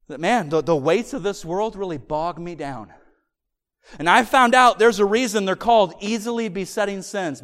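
High-voiced preacher in an echoing hall. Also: male voice. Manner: animated storytelling, emphatic, slows for key points. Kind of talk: sermon. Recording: long hall reverb.

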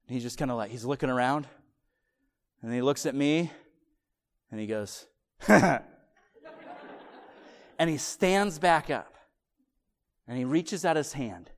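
A man preaching a sermon, telling a family story in an animated way that swings from loud excitement to hushed softness. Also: medium pitch, normal speed, long pauses, in a large hall. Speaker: pastor.

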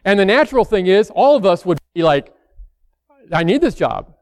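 A man's voice: sits high, very animated, moderate pace, a little mellow, no echo. A man preaching a sermon in a conversational way, acting out the worried voices of church members.

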